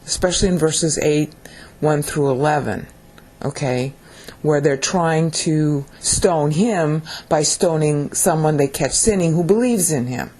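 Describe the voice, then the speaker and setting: Woman Bible teacher, deep husky voice, chatty to-camera lesson. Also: a little slow, darkish tone. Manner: conversational, repeats "okay?" to check in. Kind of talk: casual video teaching.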